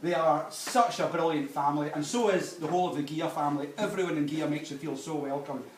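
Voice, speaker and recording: A man's voice: fairly high pitch, a little fast, far from the mic. Scottish best man in an echoey hall. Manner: joke-telling, cheeky, sentimental at the close. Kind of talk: wedding speech. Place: wedding reception hall. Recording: echoey hall, from afar, loud noise. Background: guests laughing.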